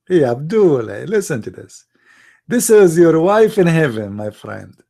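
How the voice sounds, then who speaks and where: A man, hosting a mocking commentary on pictures he shows, sarcastic and laughing with mock excitement. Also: fairly high pitch, a little slow, vocal fry. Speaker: channel host.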